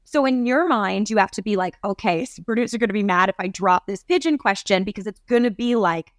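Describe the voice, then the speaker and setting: A woman's voice: medium pitch, quick pace, no room sound, clean studio sound. A woman who is a guest on a podcast, explaining her work in casual chat with thoughtful enthusiasm. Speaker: talk show host guest.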